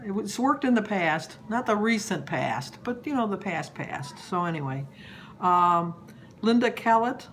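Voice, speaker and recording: Chatty woman in her sixties, low-pitched. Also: animated, moderate pace, a bit bright, a little hiss or hum. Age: 60s. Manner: rambling, chatty, easily distracted. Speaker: weight-loss vlogger. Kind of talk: casual chat to camera.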